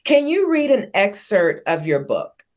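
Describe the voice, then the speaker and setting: A woman hosting a podcast interview, agreeable and encouraging. She talks casually at a middling pitch. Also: very animated, a little slow, a little mellow. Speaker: podcast host.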